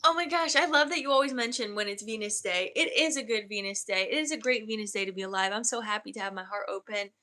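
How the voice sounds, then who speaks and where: A woman energy healer, leading a soft, slow guided meditation and then chatting warmly and effusively with viewers on a livestream. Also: mid-range voice. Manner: effusive, affectionate chat with viewers. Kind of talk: guided energy healing and casual livestream chat.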